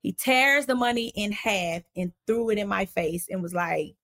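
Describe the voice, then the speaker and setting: A woman, an interview guest, recounting a personal story in a casual, animated way and acting out the voices of the people in it. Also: mid-range voice, moderate pace. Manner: animated, acts out quoted voices while recounting events; casual, conversational phrasing.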